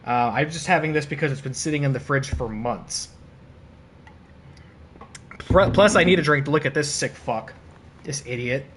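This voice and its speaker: A man streaming and commentating a wrestling video game, excitable and laughing, with casual swearing and playful trash talk. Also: on the high side, normal speed, long pauses, a little hiss or hum. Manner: excitable, laughing, bursts of disbelief.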